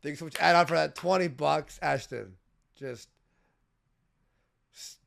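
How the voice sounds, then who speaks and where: A man's voice: fairly high pitch, measured pace, creaky, fairly bright tone. A man hosting a livestream, exasperated and cursing, laughing in frustration at his co-host. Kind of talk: casual livestream banter.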